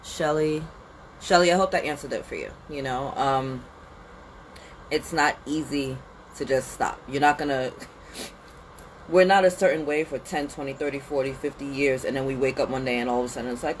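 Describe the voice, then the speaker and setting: A woman hosting a casual spiritual pep talk outdoors in the cold, animated and slangy, sniffly with a runny nose. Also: very deep voice, moderate pace, a little hiss or hum, poor audio. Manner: animated, slangy and conversational, with lots of "like" and "you know". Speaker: spiritual reader and channel host.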